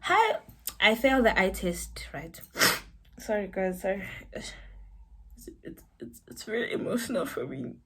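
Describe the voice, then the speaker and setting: A young South African woman telling a personal story to camera, animated and breaking into high exclamations. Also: unhurried, long pauses, heavy background noise. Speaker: vlogger.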